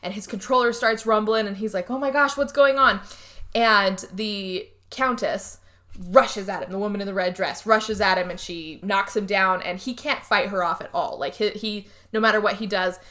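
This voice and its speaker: Lady podcaster retelling a movie plot, chatty, jumps into the characters' voices. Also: mid-range voice. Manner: animated storytelling, acts out characters in quick bursts. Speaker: podcast co-host. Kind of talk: casual movie recap.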